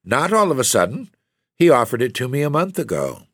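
A man's voice: lowish voice, expressive, moderate pace, no echo, clean studio sound, voice pushed up, lightly acted. A man voicing a proud, spirited young woman in a gothic story reading.

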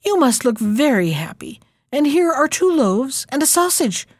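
A woman's voice: high-pitched, big pitch swings, moderate pace, no room sound, pitched above the performer's own voice. A woman voicing a fierce, bossy little robber girl in a storybook reading, with a commanding, threatening manner.

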